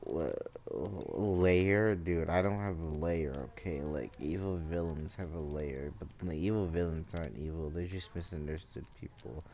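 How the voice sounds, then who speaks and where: A sleepy young man streaming a game, chatting to his viewers in a drowsy, drawling monotone with lots of "like" and "dude". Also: extremely low pitch, unhurried, vocal fry, few pauses, slight background noise. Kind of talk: casual live-stream chat while gaming.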